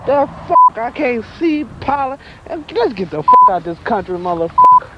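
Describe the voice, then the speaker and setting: A man's voice: very high-pitched, wildly swooping pitch, moderate pace, highs cut off, voice pushed up, exaggerated voice. A man voicing a frantic woman who shrieks and curses about being stuck in a country town. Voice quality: shrieking, foul-mouthed. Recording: loud outdoor noise.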